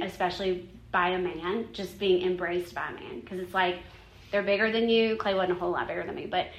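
Woman, devotional Bible teaching, earnest, conversational, bright tone, roomy echo. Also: on the low side. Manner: earnest and heartfelt, with frequent "like" and "you know". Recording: roomy echo, faint ambience.

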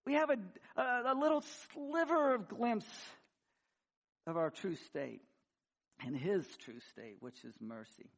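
A male pastor preaching a sermon in an animated style, swinging between loud emphasis and quiet conversational asides with some humor. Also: high voice, measured pace, gravelly. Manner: conversational, with frequent restarts and humor. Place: church sanctuary.

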